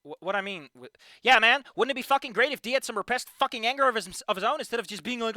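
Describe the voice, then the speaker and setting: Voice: mid-range voice, animated, fast talker, sharp tone, no room sound, studio quality, faint music behind. A fanfiction critic reading a story aloud and breaking off into exasperated, profane rants, sighing between points. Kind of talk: ranting commentary on a reading.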